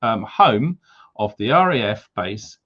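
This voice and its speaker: A man's voice: fairly low pitch, animated, slow. A middle-aged man from England hosting a casual livestream, chatty and upbeat as he greets viewers with jokey asides. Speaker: livestream host. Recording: slightly dull lo-fi audio.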